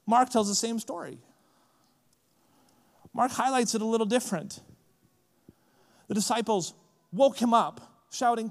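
A man preaching a sermon in a casual, animated way, often saying "like", at a conference. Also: very high voice, measured pace, pauses often, big-room sound. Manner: lively, casual, frequent "like" fillers. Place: large conference hall.

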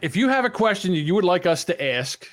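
A man's voice: high-pitched, big pitch swings, a little fast. A man hosting a podcast in casual chat, rambling and blunt, swearing freely. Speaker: podcast host.

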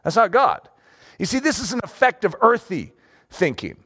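High-pitched, lively male preacher. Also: moderate pace, slightly rough. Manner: animated, conversational, checks in with "okay?". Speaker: pastor. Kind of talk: sermon.

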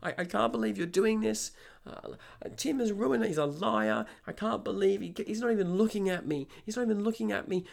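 Man putting on a hysterical woman customer, shrill, near tears, accusing, very high. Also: a little fast, creaky. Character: hysterical furious young woman tour customer.

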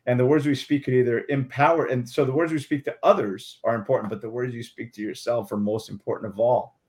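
A man's voice: medium pitch, fairly even intonation, quick pace, a little mellow. A man speaking as a guest on a talk show, giving earnest, emphatic motivational advice and repeating affirmations.

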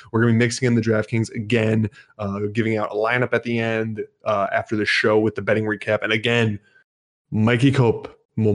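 A man at mid pitch hosts a live podcast and keeps the talk loose and chatty. He strings his plugs and run-throughs together in a rambling, easygoing flow. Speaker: podcast host. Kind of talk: live sports betting podcast.

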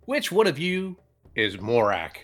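A man voicing a smooth-talking male merchant who delivers a slow, showy sales pitch in a tabletop game. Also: wildly swooping pitch, fairly bright tone, soft background music, heavily acted.

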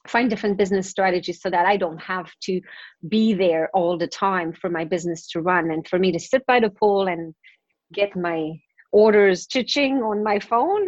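A woman's voice: mid-range voice, no room sound. Upbeat chatty woman, dry lo-fi sound. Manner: chatty and upbeat, many fillers. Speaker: guest, confidence coach. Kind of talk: casual interview chat.

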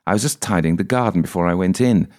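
A man's voice: deep voice, fast talker, darkish tone, pitched above the performer's own voice, close to an everyday voice. A man voicing a stern, suspicious woman who is grieving, prim and wary in manner.

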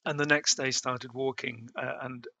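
Gravelly man telling travel stories. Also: medium pitch, fairly even intonation, moderate pace, pushed and bright, dry recording. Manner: hesitant, many fillers and restarts. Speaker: interview guest. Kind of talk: storytelling in a conversation.

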